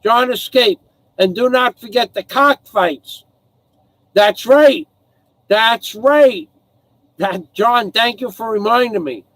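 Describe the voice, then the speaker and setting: A man with a rather high voice talks slowly and loosely to his live-stream viewers from home, pausing to thank donors and read their names aloud. He sounds hoarse, as if his voice is wearing out, and he rambles from one thing to the next. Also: a bit bright, dry recording, rough recording. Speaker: livestream host. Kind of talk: casual live-stream chat.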